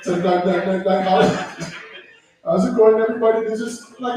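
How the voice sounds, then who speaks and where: A man's voice: sits high, fairly even intonation, quick pace, warm tone. A man hosting an open mic and doing loose, cursing stand-up in a small club. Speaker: open mic host and comedian. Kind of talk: stand-up comedy. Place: small comedy club stage. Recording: very echoey room, far from mic.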